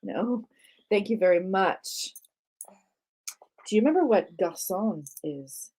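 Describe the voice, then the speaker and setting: A woman's voice: medium pitch, animated, slow, dark tone. A woman hosting a live art tour for kids, playfully quizzing a child on words and laughing often. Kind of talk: live-stream lesson for kids.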